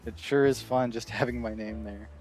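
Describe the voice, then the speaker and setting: A man chatting casually on a stream, excitable and rambling, laughing often. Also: mid-range voice, normal speed, faint music behind.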